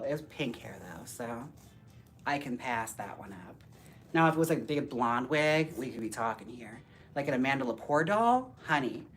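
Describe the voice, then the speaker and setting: A man hosting a casual live stream while styling dolls, talking to viewers by name in a campy, sassy way with quick jokes and frequent laughs. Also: mid-range voice, a bit bright. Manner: talks to viewers by name, reads chat aloud.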